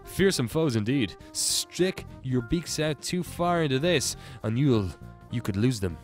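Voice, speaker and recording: A man voicing a suave male pigeon with a put-on French accent, smooth and theatrical. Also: mid-range voice, lively intonation, a little slow, faint music behind, lightly acted.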